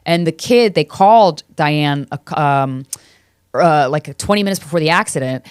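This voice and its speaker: A woman in her thirties hosts a podcast with a slightly low voice, heard close and dry with no room sound. She tells her stories in a loose, animated way, swearing freely and laughing between lines. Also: moderate pace, clean tone, dry recording. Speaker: podcast host. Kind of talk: casual comedic monologue.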